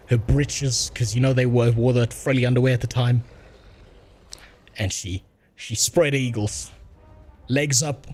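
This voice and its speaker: A man's voice: medium pitch, a little mellow. A man doing crude, joking casual gameplay commentary as a streamer.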